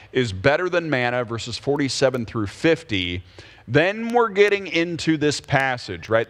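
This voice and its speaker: Man leading a relaxed Bible study. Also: mid-range voice. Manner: explains patiently, checks in with frequent "okay?" and "right?". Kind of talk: conversational Bible teaching.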